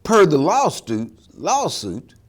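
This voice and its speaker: A man hosting a commentary show, talking in an animated, preachy and emphatic way. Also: fairly high pitch, slow.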